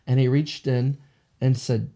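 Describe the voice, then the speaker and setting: A middle-aged man, telling a personal story in a casual, animated way. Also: medium pitch, measured pace. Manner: animated, acts out the voices of people in his stories. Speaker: shaman sharing paranormal stories.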